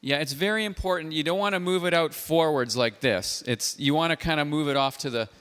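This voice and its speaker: A man hosting a call-in show, speaking in a calm, earnest and measured way. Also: on the high side, clean tone. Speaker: host. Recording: long reverb.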